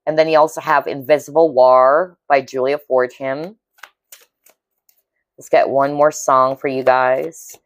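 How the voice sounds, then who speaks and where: Her pitch is extremely low and her tone level as this tarot reader takes her time, recorded with no room sound. Speaking to viewers during a pick-a-card reading, she is earnest, intuitive and empathic, visibly moved, and keeps asking "okay?".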